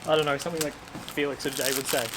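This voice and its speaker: A young Australian woman chats in a playful, giggly way, teasing her friend as they sort through boxes. Loud crinkling and rustling of packaging runs under her voice. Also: low-pitched, fairly even intonation, rapid-fire, noisy background. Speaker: cubing video host. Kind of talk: casual chat while unboxing.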